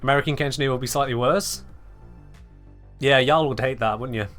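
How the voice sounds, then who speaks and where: A man's voice: medium pitch, moderate pace, a bit bright, faint music behind. Chatty English man streaming live. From England. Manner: chatty, wry, talking to chat. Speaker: game streamer. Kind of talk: casual live-stream chat.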